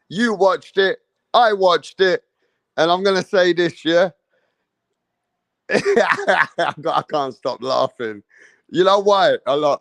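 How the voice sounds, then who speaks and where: A young man giving casual, excitable boxing reaction commentary full of slang. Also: high voice, creaky, no room sound, studio quality.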